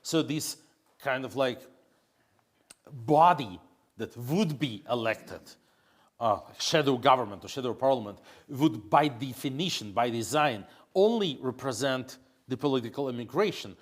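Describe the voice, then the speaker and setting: Man, halting interview answers. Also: mid-range voice, animated. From Russia. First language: Russian. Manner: hesitant, many fillers and restarts. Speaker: interview guest, opposition politician.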